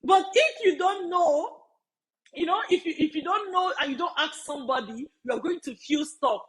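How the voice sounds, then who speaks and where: A woman's voice: high voice, normal speed, rough recording. A woman study-abroad mentor speaking casually to viewers on a live stream, emphatic, repeating her key phrases and laughing often.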